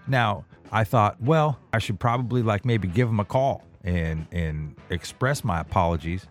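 A man in his forties with a low voice runs a casual solo podcast monologue. His delivery swings widely in pitch as he rambles along, poking fun at himself and restarting sentences. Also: expressive, normal speed, few pauses, faint music behind. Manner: rambling, self-deprecating, frequent restarts. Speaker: podcast host.

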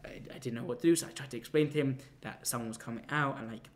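A young man telling a casual anecdote, rambling and halting with many restarts and fillers. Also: medium pitch. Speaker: storyteller.

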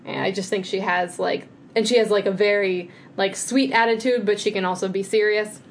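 A woman co-hosting a podcast in casual chat, talking in quick, filler-heavy bursts. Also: mid-range voice, fairly even intonation, slight background noise. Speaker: podcast co-host.

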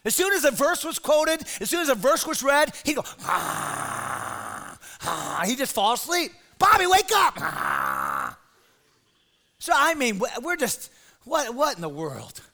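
A middle-aged man preaching as a pastor, telling a comic story to teenagers with lively, shouted bits. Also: very high voice, brisk. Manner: animated storyteller, shouts put-on voices. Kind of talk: comic sermon to teens.

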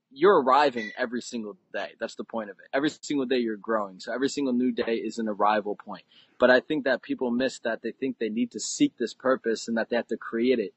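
A man tells a personal story with earnest conviction, building suspense as it unfolds. His voice is husky and his pitch sits in a middle range. The sound is dry and close, with no room echo. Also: muffled recording. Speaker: podcast guest. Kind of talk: conversational storytelling.

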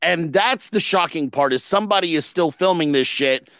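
Profane, fast-talking male podcast host. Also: a little high, fairly bright tone, dry recording. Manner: blunt, profane, storytelling with rising emphasis. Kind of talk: casual political chat.

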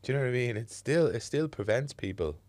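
A man's voice: medium pitch, animated, fast, a little mellow, no echo. A middle-aged Dublin man hosting a podcast, talking earnestly and reflectively with plenty of fillers. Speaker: podcast host. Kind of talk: casual podcast conversation.

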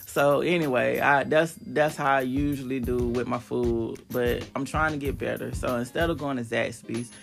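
A woman hosting a podcast in a chatty, casual monologue with emphatic, animated bursts. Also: extremely low pitch, normal speed, creaky, hardly any pauses, soft background music. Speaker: podcast host.

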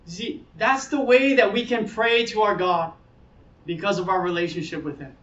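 A man's voice: sits high, steady tone, moderate pace, fairly bright tone. A man preaching a sermon in an earnest way, now and then acting out the voices of people in his story. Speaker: pastor. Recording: echoey hall, speaker far from mic, dull sound.

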